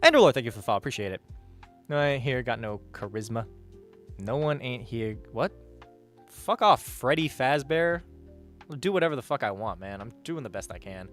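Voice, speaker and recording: A man's voice: medium pitch, animated, brisk, fairly bright tone, faint music behind. A man chatting casually on a livestream, reading chat and rambling with hesitant, profane asides.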